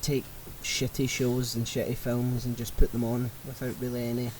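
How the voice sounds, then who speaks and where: A man co-hosts a podcast from home, chatting casually in a rambling, sweary way and often cutting himself off mid-sentence. His medium-pitched voice is monotone and darkish, at a normal speed. The audio is poor, with a little hiss or hum.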